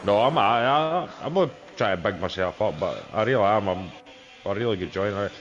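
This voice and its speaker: Lively Scottish man, joking banter. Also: on the low side, brisk, highs cut off. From Scotland. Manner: jokey, self-mocking. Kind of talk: casual chat.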